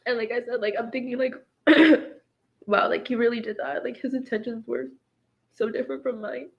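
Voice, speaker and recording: A woman's voice: fairly high pitch, steady tone, moderate pace, vocal fry, muffled recording. A woman in her twenties, speaking in a distraught, venting way in a personal vlog, filling her sentences with "like". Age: 20s. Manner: distraught, venting, heavy use of "like". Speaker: vlogger recounting her marriage.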